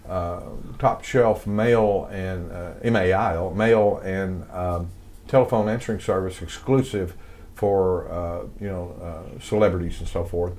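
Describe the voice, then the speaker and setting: A man's voice: low-pitched, steady tone, measured pace, a little mellow. An older man with a light Southern American accent, telling stories in a casual interview, rambling with lots of fillers and restarts. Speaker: guest, songwriter and composer.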